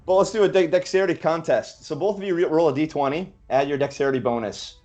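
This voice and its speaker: A man's voice: fairly high pitch, quick pace, darkish tone, muffled recording, faint music behind. A man running a tabletop game as game master, narrating in a rambling way with many fillers.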